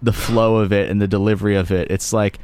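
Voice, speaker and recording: A man's voice: on the low side, little pitch movement, quick pace, darkish tone, clean tone. Blunt, swearing young man hosting a podcast. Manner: blunt, swears, quotes lyrics with emphasis. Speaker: podcast host. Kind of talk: casual podcast discussion.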